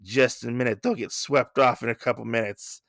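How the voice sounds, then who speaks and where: A man's voice: mid-range voice, fairly even intonation, a little fast, gravelly, a bit bright, no echo, clean studio sound. A man voicing a spiteful male pig who bullies the other villagers, with a sneering, menacing delivery.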